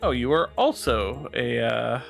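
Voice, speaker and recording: A man chatting his way through a video game stream, explaining how its systems work and stopping often to think. His pitch sits mid-range for a man. Soft game music plays faintly under his voice. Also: lively intonation, unhurried, vocal fry. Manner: chatty, explaining game mechanics with frequent ums. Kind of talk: casual gameplay commentary.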